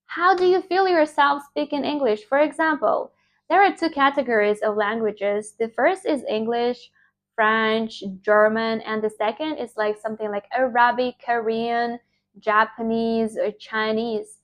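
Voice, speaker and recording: Young woman, native Russian speaker, English teacher; informal, emphatic lecture; voice sits a bit high. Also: unhurried. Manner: emphatic, animated, with filler words and restarts.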